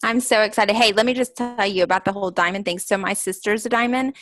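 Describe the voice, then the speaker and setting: A woman hosting a motivational coaching call, giving an energetic, playful and emphatic pep talk to her sales team. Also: mid-range voice, quick pace. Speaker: call host.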